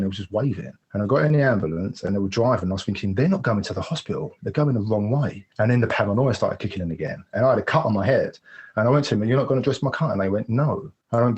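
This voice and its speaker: A man recounts a hard personal episode at a quick clip, in a low and husky voice. He rambles openly and acts out the other people's lines as he goes. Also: darkish tone, highs cut off. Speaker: podcast guest. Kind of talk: personal storytelling.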